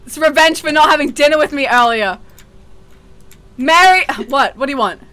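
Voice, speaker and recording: High bright-voiced woman trash-talking. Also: animated, moderate pace. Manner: playful trash talk, chanting and swearing. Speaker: streamer. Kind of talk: gaming stream chat.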